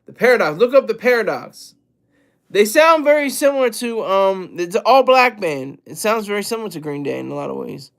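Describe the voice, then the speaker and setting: A man's voice: high voice, big pitch swings, a little fast, gravelly, a bit bright. A man streaming live, commenting on music and answering his chat in a loose, rambling way, often repeating and correcting himself.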